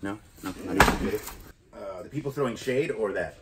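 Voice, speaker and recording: A man's voice: lowish voice, normal speed, slight background noise. Chatty, joking man hosting a vlog. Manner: chatty, jokey, thinking out loud. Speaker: vlog host unboxing a storage unit. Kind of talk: casual chat to camera. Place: inside a storage unit.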